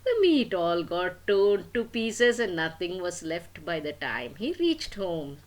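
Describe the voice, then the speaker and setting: An older woman reading a children's tale aloud, slow and unhurried, with a very lively, sing-song voice. She plays with her listeners, asking what happens next and adding little sound effects. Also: on the low side. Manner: playful, asks the listener questions, sound effects. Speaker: storyteller. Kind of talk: storytelling to children.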